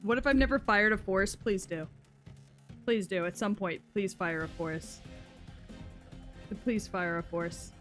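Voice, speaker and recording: A woman's voice: medium pitch, unhurried, pauses often, fairly bright tone, faint music behind. A young woman streaming live, chatting casually with her audience, swearing often and shrieking when thrilled. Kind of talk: casual livestream chat.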